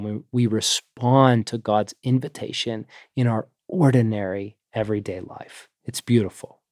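A man's voice: on the low side, no room sound. Earnest man hosting in a dry room. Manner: measured, earnest summarizing with long lists. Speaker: interview host. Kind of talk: reflective interview talk.

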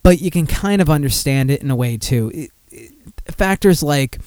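A man's voice: fairly high pitch, animated, normal speed, a little mellow, dry recording. A man hosting a podcast, chatting casually and reading news in a profane, rambling, self-mocking way. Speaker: podcast host.

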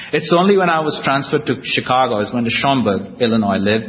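This man's medium-pitched voice is animated and quick as he shares his personal recovery story at a convention, poking fun at himself with wry humor. The live audience fills a large hall, and the dull lo-fi tape is echoey with slight background noise.

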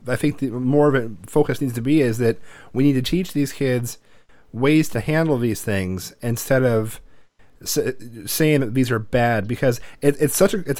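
A man's voice: medium pitch, no echo. A man in his thirties hosting a podcast, talking bluntly and profanely in casual chat, rambling with restarts. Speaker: podcast host.

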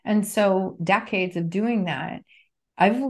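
A woman's voice: mid-range voice, slow pace. A woman in her fifties, a guest on an interview podcast, talking earnestly and repeating key phrases for emphasis. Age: 50s. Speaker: podcast guest, NLP trainer and author. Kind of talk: casual interview conversation.

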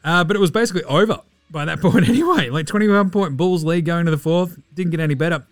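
Excitable Australian man recapping games. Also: a little high, fast, no room sound, studio quality, faint music behind. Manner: excitable, swears freely, jokey asides. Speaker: podcast host. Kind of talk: fast casual sports recap.

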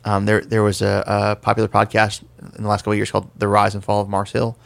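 A man's voice: on the low side, monotone, fast talker, gravelly, dry recording. A man co-hosting a casual podcast discussion about faith, explaining things conversationally with the odd self-deprecating joke. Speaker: podcast co-host.

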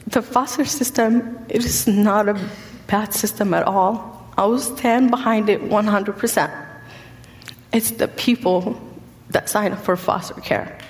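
Earnest woman in a reverberant hall. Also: medium pitch. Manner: earnest, halting with frequent fillers. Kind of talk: personal testimony.

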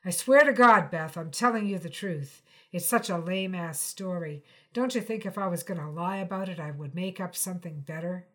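A woman's voice: fairly low pitch, moderate pace, few pauses, close to an everyday voice. A woman reading the part of a young male musician, defensive and earnest, speaking emphatically. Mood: insistent. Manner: louder, emphatic and pleading.

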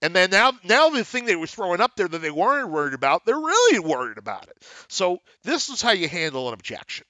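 Blunt, bright-voiced male podcast teacher. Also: sits high, quick pace, no echo. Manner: lively, acts out dialogues in different voices; blunt and emphatic. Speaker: podcast host teaching real estate investing. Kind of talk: instructional podcast talk.

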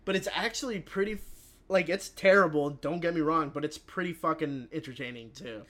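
A young man co-hosting a podcast, retelling a movie in casual chat with lots of "like" and loud acted-out voices. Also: on the high side, brisk. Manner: frequent filler "like". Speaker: podcast co-host.

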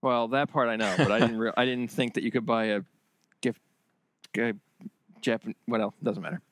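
A man co-hosting a gaming podcast, reacting quickly and fumbling words as he talks. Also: mid-range voice, fairly even intonation, fairly bright tone, dry recording. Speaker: podcast co-host. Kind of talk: casual chat.

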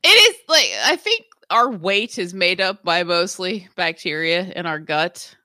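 A woman in her thirties co-hosting a podcast, chatting casually, telling animated stories, swearing freely and acting out what people said. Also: on the low side, measured pace, no echo, clean studio sound. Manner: animated storyteller, swears freely, acts out quotes. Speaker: podcast co-host. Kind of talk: casual chat.

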